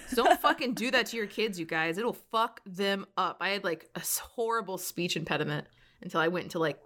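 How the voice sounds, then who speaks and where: A woman's voice: mid-range voice, expressive, fairly quick, bright, forceful tone. Swearing American woman hosting a chat. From United States. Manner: ranting, swears freely. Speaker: podcast host. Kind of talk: casual chat.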